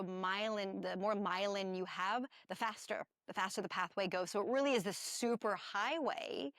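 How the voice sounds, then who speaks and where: A woman's voice: medium pitch, a bit bright, no echo, clean studio sound. A woman co-hosting a spiritual wellness podcast, explaining ideas with enthusiasm and playful asides. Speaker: podcast co-host.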